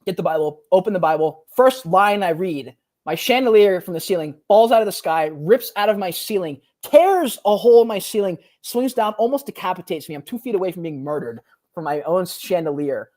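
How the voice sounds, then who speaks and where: A man in his twenties, co-hosting a podcast, telling a personal story in a casual, animated way, full of slang like "bro" and "like.". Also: sits high, fairly quick. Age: 20s. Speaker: podcast co-host.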